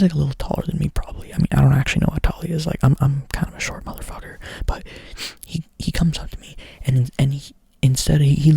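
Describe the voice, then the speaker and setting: A man's voice: medium pitch, vocal fry, warm tone, breathy edge, no echo. A young man doing whispered ASMR storytelling up close to the mic, rambling casually and swearing a lot. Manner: rambling, profane, filler-heavy casual talk. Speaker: ASMR creator.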